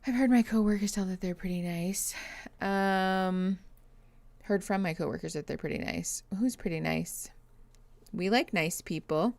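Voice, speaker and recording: A woman's voice: medium pitch, unhurried, creaky, a little mellow, no room sound. A young adult woman, a therapist, chatting casually on a livestream, reading comments and greeting viewers, tired and yawning, laughing often. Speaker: therapist streaming reactions.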